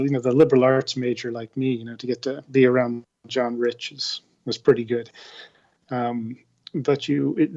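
Husky guy on a muffled line, rambles and restarts a lot as a guest. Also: medium pitch, darkish tone. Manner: rambling, hesitant, many restarts. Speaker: interview guest. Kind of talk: casual conversation.

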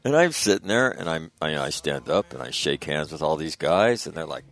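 A man's voice: a bass voice, big pitch swings, normal speed, gravelly, faint music behind. A middle-aged man telling stories about his late father in a casual, rambling way, full of fillers and restarts. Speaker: guest recalling his father. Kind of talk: casual spoken storytelling.

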